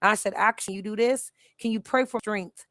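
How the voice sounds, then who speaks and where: A woman's voice: medium pitch, fairly quick, dry recording. Middle-aged woman, live-stream host, emphatic chatty storyteller, dry close sound. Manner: animated, emphatic storytelling with many restarts.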